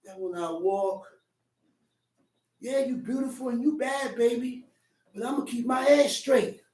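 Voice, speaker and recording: High-voiced man teaching in an echoey room. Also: a little slow. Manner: emphatic, with sudden shouted bursts; streetwise, conversational. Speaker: religious teacher. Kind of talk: Sabbath teaching to a small group. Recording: echoey room, distant mic.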